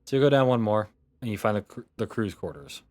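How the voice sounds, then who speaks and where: A man narrating as game master of a tabletop game, relaxed and rambling with fillers. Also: lowish voice, quick pace, no echo.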